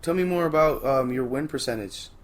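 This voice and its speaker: A man co-hosting a podcast, arguing football contracts in casual, joking chat. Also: mid-range voice. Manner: animated, argumentative, quick to joke. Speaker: podcast co-host.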